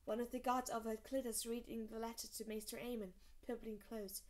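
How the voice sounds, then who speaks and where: A woman's voice: on the high side, little pitch movement, a little fast, lightly acted. A woman reading a curious young man. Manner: hushed, curious.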